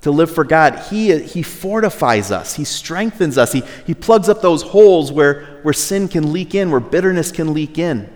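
A man preaching a sermon in a relaxed, conversational way, at times exasperated. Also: fairly high pitch, moderate pace, few pauses. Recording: long hall reverb.

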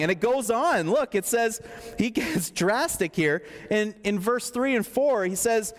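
High-pitched pastor guy giving a chatty joking sermon, big echoey church hall. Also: animated, normal speed. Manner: conversational, joking preaching. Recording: long hall reverb.

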